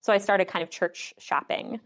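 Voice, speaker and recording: A woman's voice: medium pitch, steady tone, moderate pace, fairly bright tone. A woman in her thirties, a guest in a casual interview, who talks chattily, laughs often and acts out what others said. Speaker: podcast guest.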